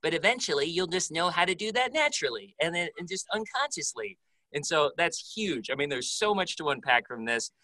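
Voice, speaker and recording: A man's voice: on the high side, very animated, a little fast, pushed and bright, no echo, rough recording. A young man hosting a voice acting class session, responding with enthusiasm and promoting the upcoming course. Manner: enthusiastic, affirming. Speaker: host. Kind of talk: casual interview chat.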